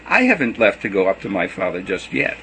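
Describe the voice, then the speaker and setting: A man reading the lines of a calm, gentle male teacher in a measured way. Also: lowish voice, creaky, slight background noise, exaggerated voice. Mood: reassuring.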